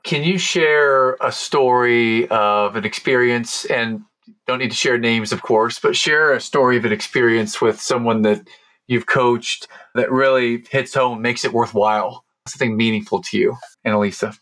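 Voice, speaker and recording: A man's voice: medium pitch, steady tone, normal speed, fairly bright tone. A man hosting an interview podcast, enthusiastic and asking long, winding questions. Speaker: podcast host. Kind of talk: casual interview.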